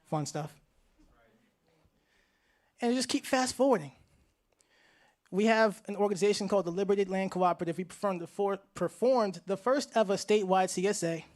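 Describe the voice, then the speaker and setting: Speaking directly to a live audience on stage, this Hartford, Connecticut, USA farmer recounts his life story in an animated, slang-filled way. He talks a little fast in a high-pitched voice.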